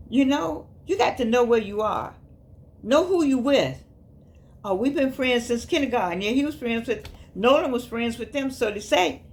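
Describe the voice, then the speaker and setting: An older woman gives folksy, emphatic, preachy commentary, sometimes jumping into high exclamations. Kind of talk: casual spoken commentary.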